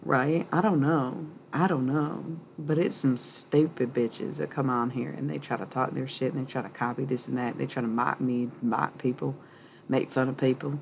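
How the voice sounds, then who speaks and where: A woman's voice: a bass voice, fairly even intonation, normal speed, creaky, darkish tone, a little hiss or hum. A woman reading tarot cards on a livestream, rambling and blunt, swearing freely and laughing often.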